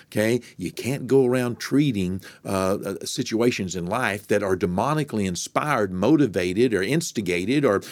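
Male podcast preacher, lowish voice, dry close sound, chatty then emphatic. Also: lively intonation, normal speed, few pauses, darkish tone, dry recording. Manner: conversational, rising to emphatic preaching with many fillers. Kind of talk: podcast sermon.

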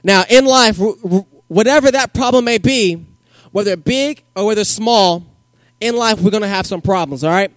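Energetic high-voiced man preaching to youth. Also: normal speed, dry recording, studio quality. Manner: joking, energetic, slangy. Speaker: youth pastor. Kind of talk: youth group sermon.

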